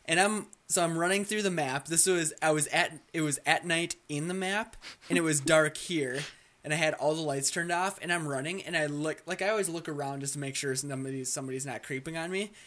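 A young man co-hosting a casual gaming chat show, telling stories excitedly, with lots of restarts and swearing. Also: a little high, fairly quick. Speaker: co-host.

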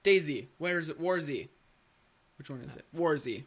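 Excitable young man telling game stories. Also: on the high side, a little slow. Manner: excitable storytelling, restarts, swearing. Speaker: co-host. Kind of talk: casual gaming chat.

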